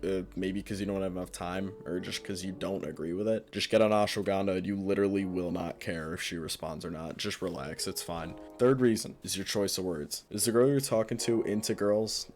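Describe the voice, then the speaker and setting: A man's voice: sits low, brisk, few pauses, darkish tone, soft background music. A man giving blunt, offhand dating advice in a casual monologue.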